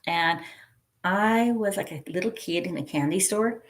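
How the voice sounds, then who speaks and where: A middle-aged woman hosts a relaxed live chat, talking slowly and taking her time between thoughts. Her voice sits a little low for a woman, and she giggles easily while reading out viewers' messages. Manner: chatty, giggly, reads viewer comments aloud. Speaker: livestream host.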